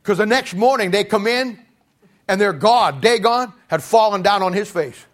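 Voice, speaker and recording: High-voiced animated male preacher. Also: moderate pace. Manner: animated, swings from shouting to quiet asides, laughs at his own jokes. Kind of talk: sermon with storytelling.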